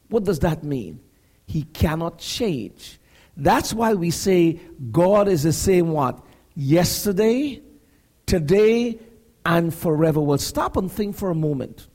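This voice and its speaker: A man preaching a sermon, building to shouts and asking the congregation questions. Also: high voice, slightly rough. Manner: preaching with rising shouts and call-and-response questions.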